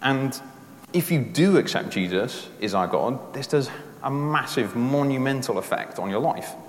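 A man preaching a sermon in a conversational way, explaining his points step by step with everyday examples. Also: medium pitch. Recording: roomy echo with long reverb in a hall.

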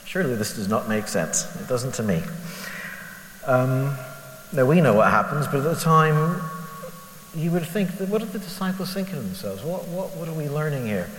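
A man's voice: mid-range voice, big pitch swings, normal speed. A man speaks as a lay preacher, thinking aloud about scripture and questioning himself with frank, self-deprecating honesty. His voice rings around a large hall with a long tail of reverb. A faint hiss sits underneath. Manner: candid, self-deprecating, asks rhetorical questions. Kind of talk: conversational Bible reflection.

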